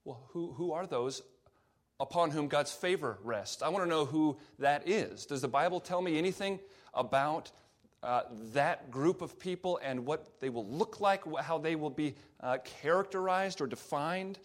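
Man preaching a sermon, teaching tone. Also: a little high. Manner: explanatory, pauses on fillers and restarts; reads scripture aloud slowly. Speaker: pastor.

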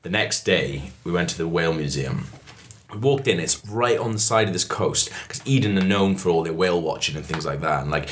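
A man's voice: low voice, a little fast, slight background noise. A young Welsh man with a Welsh accent, telling a rambling travel anecdote in casual podcast chat, acting out the people he quotes. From Wales. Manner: rambling anecdote with frequent laughs and put-on quotes.

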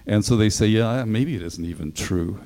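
A man's voice: fairly low pitch, normal speed, mellow, rough recording. A male pastor preaching a sermon in a conversational way, acting out the voices of the people he quotes.

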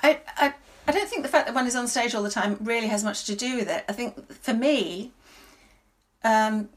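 A stage actress answering interview questions in a thoughtful, halting way, often restarting her sentences. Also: on the high side.

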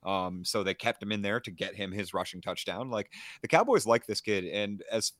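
A man's voice: fairly low pitch, normal speed, fairly bright tone, no room sound, clean studio sound. A man co-hosting a fantasy football podcast, talking in a fluent, analytical way with many fillers. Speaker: podcast co-host.

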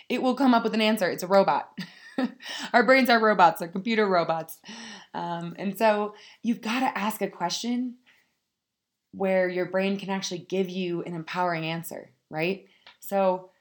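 A woman's voice: medium pitch, normal speed. A woman giving a casual motivational talk, speaking frankly and swearing freely as she addresses her listeners directly. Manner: frank, profane, addresses listeners as "you guys".

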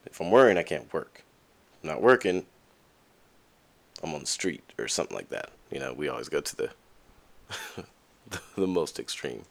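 Young male podcast host, low voice, very expressive pitch, candid casual monologue, acts out quoted voices. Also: moderate pace, creaky, pauses often.

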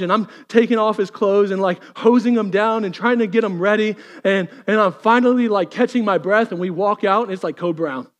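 A man, preaching a sermon, swinging from lively storytelling to quiet intensity. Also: high-pitched, in a large hall. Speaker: pastor.

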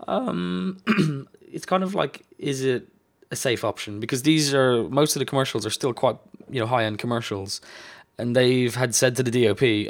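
A man's voice: mid-range voice, normal speed, creaky. A man, a colorist, talking casually and enthusiastically in a podcast chat, with lots of "like" and "um".

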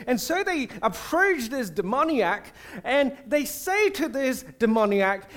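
A man preaching a sermon, conversational and animated, with fillers and restarts. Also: extremely high pitch, unhurried, few pauses. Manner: animated, acts out prayers and quotes with shifting voice.

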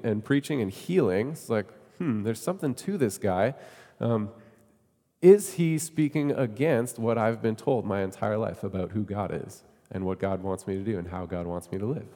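A man's voice: on the low side, dark tone, big-room sound. A man preaching a sermon in a conversational way, often asking his listeners questions. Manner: conversational, asks the congregation questions. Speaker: pastor.

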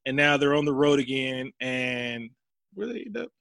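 A man's voice: medium pitch, expressive, normal speed, vocal fry, a bit bright, no room sound. A man hosting a casual comedy podcast, profanely recapping a movie and acting out the characters' lines.

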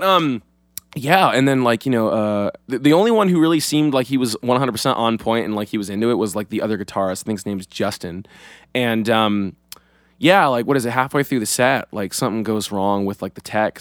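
Speaking at a normal pace in a fairly low voice, a young man co-hosts a podcast, casually rambling through a story with many fillers and free swearing. The recording is dry.

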